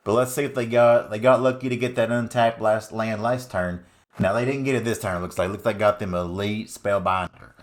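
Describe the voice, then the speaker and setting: A rowdy, folksy good ol' boy with a thick American Southern drawl, put on by a man mid-commentary, pitched up well above the man's normal register and noticeably louder. He hollers and drawls through every phrase in exaggerated character. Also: fairly even intonation, fairly quick, close to an everyday voice.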